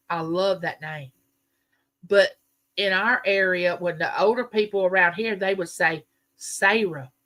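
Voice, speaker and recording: Bright-voiced chatty Southern woman. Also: medium pitch. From American South. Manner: chatty, rambling storyteller. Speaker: livestream host. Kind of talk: casual live chat with viewers.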